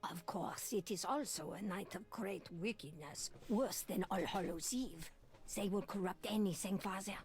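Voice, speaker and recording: An actress playing a fearful, secretive elderly Creole woman in a mystery game, with a French-tinged Creole English accent and a breathy voice that drops to whispers. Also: medium pitch, normal speed, close to an everyday voice. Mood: wistful.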